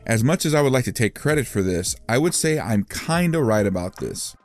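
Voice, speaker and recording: A man giving reflective scripted commentary in a measured, self-reflective way. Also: mid-range voice, lively intonation, soft background music. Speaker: video essayist.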